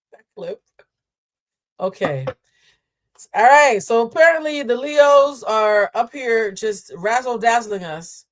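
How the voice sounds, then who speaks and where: A woman's voice: a little high, unhurried. A young woman runs a live tarot reading and talks straight to her chat. She is sassy and playful, full of teasing asides. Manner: sassy, chatty, playful asides, reads viewer comments aloud. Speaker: tarot reader and livestream host.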